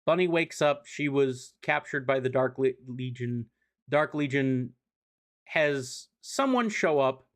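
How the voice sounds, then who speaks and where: A man's voice: fairly high pitch, expressive, takes it slowly, a bit bright. A man streaming a casual comic recap, loose and profane, full of "um" and "like", giving enthusiastic fan opinions.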